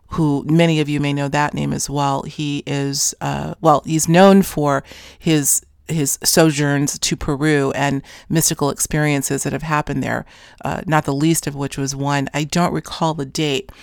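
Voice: medium pitch, smooth, no room sound, studio quality. A podcast host telling a story in a casual monologue, rambling with many fillers and self-corrections. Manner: grows more animated toward the end. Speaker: podcast host recounting an interview.

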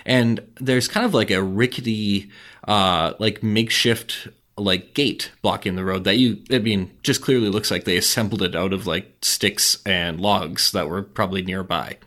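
A man narrating a tabletop game as game master, relaxed and chatty with many fillers. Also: fairly low pitch.

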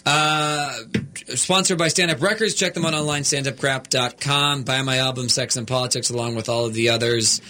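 A man's voice: medium pitch, normal speed. A man from northern Minnesota hosting a radio talk show in a studio, chatting casually with many hesitations. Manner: relaxed, chatty, hesitant with frequent uhs.

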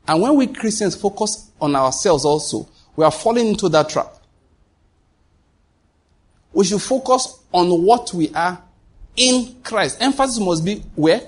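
A man's voice: sits high, lively intonation, moderate pace, darkish tone, husky. A man preaching a sermon as pastor, asking the congregation rhetorical questions and answering them.

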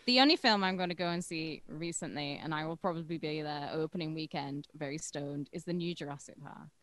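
A woman co-hosting a podcast, chatting casually in a blunt, profane, animated way. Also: low-pitched, brisk, dry recording. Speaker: podcast co-host. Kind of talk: casual chat.

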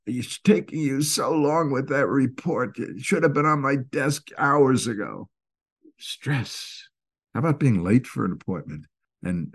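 A man with a Northeastern US accent giving an informal lecture, explaining ideas in a lively way and acting out short everyday scenes. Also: mid-range voice, slightly rough. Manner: animated, acts out little quoted scenes. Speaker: speaker explaining stress and anxiety.

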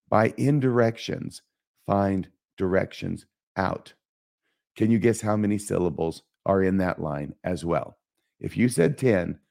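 A man hosting an educational podcast on Shakespeare, speaking in a measured way and reciting quoted lines slowly and solemnly. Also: low voice, gravelly, a little mellow. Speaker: podcast host teaching Shakespeare. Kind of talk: scripted educational podcast narration.

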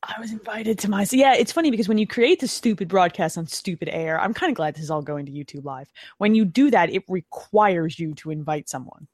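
A woman in her thirties hosting a podcast live stream, chatting casually, talking fast and excitably with frequent laughs. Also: on the low side, dry recording, studio quality. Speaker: podcast host.

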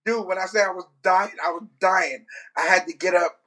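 A man's voice: sits high, fairly even intonation, brisk, pushed and bright. A man who sings gospel, telling funny stories in casual chat, laughing often and mimicking voices. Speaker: gospel singer.

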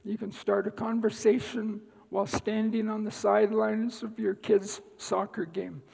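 A man giving a guest talk at church, telling a personal story in an unhurried way with dry asides. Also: high voice, flat delivery, gravelly, a little mellow, husky, in a large hall, low-quality recording. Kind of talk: sermon-style personal testimony. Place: church sanctuary.

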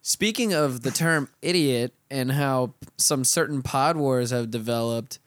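A man chats casually with his friends on a podcast, telling stories in a loose, profanity-heavy way. His voice is smooth and clear, and the sound is dry and close to the mic. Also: medium pitch, a little slow, dry recording. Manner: profane, laid-back storytelling. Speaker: podcast co-host. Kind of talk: casual chat.

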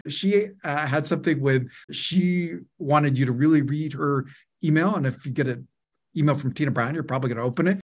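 Energetic middle-aged male guest on a video call, a bit high-voiced, punchy and emphatic. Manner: energetic, emphatic, repeats key words in lists. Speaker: guest, media co-founder and author. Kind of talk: webinar interview, explaining and telling anecdotes.

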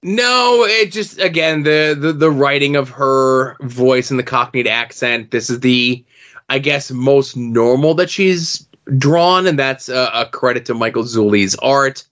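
A man at a middle pitch speaking in a measured, thoughtful way during a casual podcast chat about comics. The sound is dull and lo-fi. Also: fairly bright tone. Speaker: podcast co-host. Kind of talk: casual comic book discussion.

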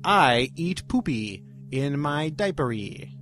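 A man's voice: a little high, big pitch swings, slow pace, fairly bright tone, soft background music. A man co-hosting a silly comedy podcast, playfully trading nonsense phrases and groaning in mock frustration. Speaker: podcast co-host.

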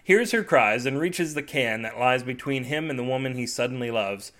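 A man narrating an absurd comic story in a deadpan way, with wry asides to listeners. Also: medium pitch, normal speed.

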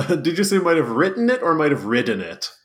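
Male podcast co-host, lively and animated, playful comic banter. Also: a little high, normal speed. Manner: playful, lively, laughs between phrases. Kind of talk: casual comedic chat.

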